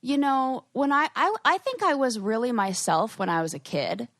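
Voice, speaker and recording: Woman, podcast co-host, higher voice, excitable and candid, swears casually. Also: moderate pace, no room sound.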